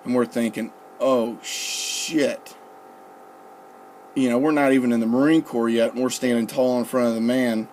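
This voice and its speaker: A man's voice: mid-range voice, flat delivery, fast, few pauses, a little mellow, a little hiss or hum. Laid-back young man telling a rowdy story. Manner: profane, laid-back, quotes others with "I'm like" and "he goes". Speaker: storyteller recalling his recruit days. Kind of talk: casual storytelling.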